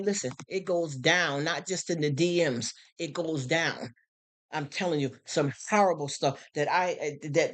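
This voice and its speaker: A middle-aged woman live streaming, talking bluntly and emphatically with many repeated words while reacting to viewer comments. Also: fairly low pitch. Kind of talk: casual live stream monologue, reading comments.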